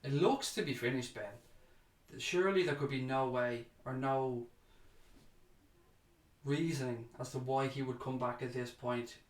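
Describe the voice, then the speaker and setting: Bloke hosting a fan chat stream, mid pitch, chatty and matey, echoey room sound. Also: male voice, measured pace. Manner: chatty, addresses viewers as mate. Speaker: livestream host reading viewer comments. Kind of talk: casual fan chat livestream.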